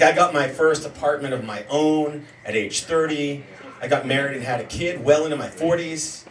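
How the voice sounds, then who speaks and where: Animated middle-aged man doing stand-up. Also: fairly high pitch. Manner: self-deprecating, animated, yells in bits. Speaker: stand-up comedian. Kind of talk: stand-up comedy set. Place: comedy show in a homemade bar. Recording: roomy, mic heard from a distance, noisy room.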